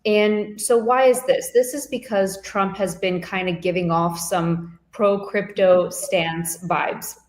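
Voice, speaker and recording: A woman guest analyst casually explaining market news in a relaxed way, with filler words. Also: mid-range voice, takes it slowly, hardly any pauses. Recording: echoey room sound.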